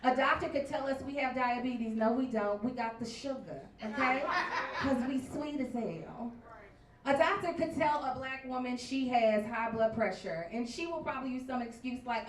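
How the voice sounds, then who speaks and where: Loud brash lady comic telling stories on stage, echoey bar sound, kinda far from the mic. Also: high voice, normal speed, a little hiss or hum. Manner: brash, loud storytelling with big swings in volume. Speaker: stand-up comedian. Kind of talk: stand-up set. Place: bar comedy stage before a live crowd. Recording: echoey bar room recorded from afar.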